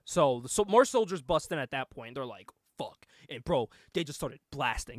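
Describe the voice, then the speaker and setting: A young man co-hosting a casual show, excitedly retelling a movie plot, laughing often, swearing and acting out the lines. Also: a little high, fairly quick, no echo, clean studio sound. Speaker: podcast co-host.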